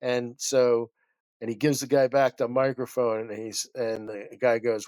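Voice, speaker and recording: A man's voice: medium pitch, little pitch movement, a little slow, darkish tone, dry recording. A man who is a guest chiropractor, telling a story in a rambling, passionate way that keeps interrupting itself.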